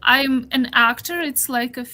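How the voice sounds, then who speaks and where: A woman playing a tabletop game, speaking slowly in a hesitant, earnest way. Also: high-pitched, fairly even intonation, bright, forceful tone, slight background noise. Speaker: player. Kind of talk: casual tabletop game chat.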